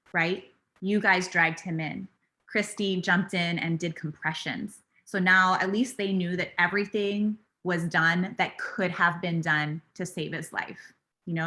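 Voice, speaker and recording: A woman's voice: fairly low pitch, sharp tone. A woman hosting an online CPR class, speaking in a heartfelt, conversational way over a video call. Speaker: CPR teacher, class host.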